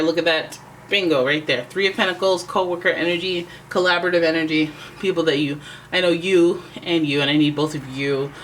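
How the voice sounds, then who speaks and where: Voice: medium pitch, fairly bright tone, a little hiss or hum, rough recording. Chatty, sassy tarot reader. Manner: chatty and conversational, full of "like" and asides; sassy, teasing. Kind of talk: casual tarot reading to camera.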